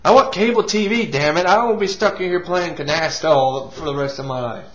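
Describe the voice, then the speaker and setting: A man's voice: fairly high pitch, fairly quick, lightly acted. A man voicing a bored, grumbling male alien henchman who is stuck playing cards and gripes in a whiny way. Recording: lo-fi, dull sound.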